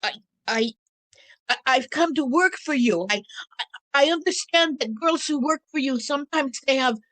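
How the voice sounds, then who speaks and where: A woman's voice: high voice, moderate pace, fairly bright tone, pitched above the performer's own voice, rough recording. A woman storyteller voicing a scraggly, timid teenage girl who stammers and hesitates.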